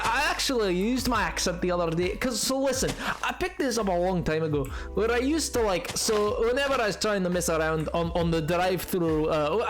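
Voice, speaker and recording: A man's voice: sits high, a bit bright. A young adult man chatting casually on a gameplay stream, rambling and playful, often stumbling over his words.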